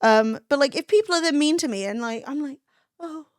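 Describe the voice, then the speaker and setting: A woman in her thirties talks to her live stream in a blunt, sweary, chatty way, acting out little impressions as she goes. Her voice sits a touch high, recorded close and dry with no room sound. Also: expressive, fast, no room sound. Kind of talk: casual chat to a live stream.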